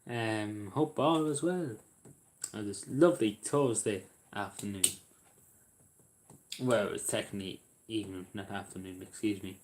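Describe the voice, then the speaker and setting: Male streamer, low-ish voice, hesitant and rambling, casual chat with viewers. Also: a little slow, slight background noise. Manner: rambling, hesitant, many fillers and restarts. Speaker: livestream host. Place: at home in a squeaky chair.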